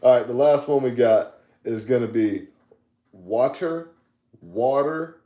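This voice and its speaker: A young man from the US South with a Southern accent, co-hosting a casual podcast chat, playful and quick to laugh. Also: mid-range voice, warm tone, roomy sound, lo-fi sound. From US South, South Carolina. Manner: laughs often, playful, repeats words. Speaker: podcast co-host.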